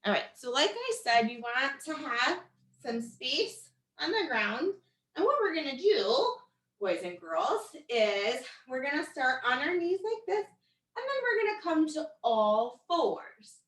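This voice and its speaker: A woman's voice: sits high, big pitch swings, measured pace, fairly bright tone. A woman leading young children through animal stretches, upbeat and encouraging with a sing-song way of talking. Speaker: children's yoga and storytime instructor. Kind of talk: guided kids' stretching lesson. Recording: echoey room, voice a bit far from the mic.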